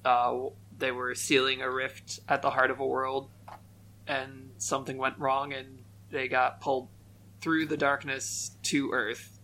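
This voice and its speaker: A man's voice: medium pitch, flat delivery, unhurried, pushed and bright, a little hiss or hum. A man playing in a tabletop game podcast, talking in a hesitant, laid back way. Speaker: player.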